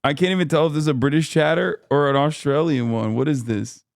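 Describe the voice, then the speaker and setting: A man's voice: on the high side, fairly even intonation, fast talker, creaky, dry recording, studio quality. A man streamer reacting to a debate clip with profane, sarcastic commentary. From Turkish-American.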